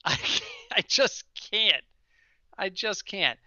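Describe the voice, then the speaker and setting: A man co-hosting a sports podcast, talking casually with animated, wry storytelling and the odd rant. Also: high voice, slow, no echo, dull audio. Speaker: podcast co-host.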